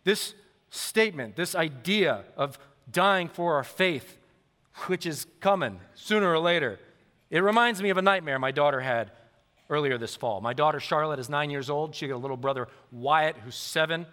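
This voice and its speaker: A man in his thirties preaching a sermon as pastor, telling stories to a congregation in a lively, animated way. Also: on the high side, moderate pace. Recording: long reverb of a large hall.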